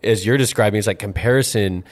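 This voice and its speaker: Low-voiced, empathetic male host. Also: fast talker. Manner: supportive, empathetic listener. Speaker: podcast host. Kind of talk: conversational interview.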